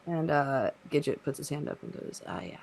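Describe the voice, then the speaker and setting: A man narrates a tabletop role-playing session as game master, hesitant and full of fillers. His voice has a gravelly fry. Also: fairly high pitch, steady tone, normal speed, darkish tone, a little hiss or hum.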